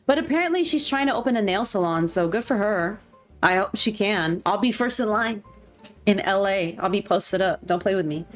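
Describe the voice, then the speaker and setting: A woman's voice: mid-range voice, animated, moderate pace, soft background music. A woman, streaming a game and chatting casually, gushing and poking fun at herself. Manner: chatty, gushing, self-mocking. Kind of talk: casual chat while gaming.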